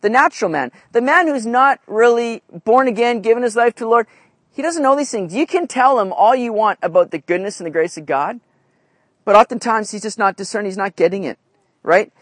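High-voiced man preaching conversationally. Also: animated, a little fast, a bit bright, no echo. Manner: conversational, asks "right?" often. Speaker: pastor. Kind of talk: sermon.

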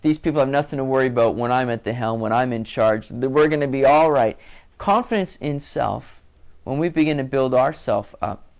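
A man's voice: mid-range voice, vocal fry. A man preaching a sermon to his congregation in a conversational way, often restarting phrases and adding fillers. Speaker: pastor. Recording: dull lo-fi sound.

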